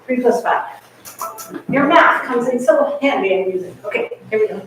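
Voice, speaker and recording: A masterclass coach with a slightly high voice speaks at normal speed while encouraging a chamber ensemble and singing musical phrases on nonsense syllables. A far camera mic picks her up in a large, very echoey rehearsal room, with a little hiss or hum.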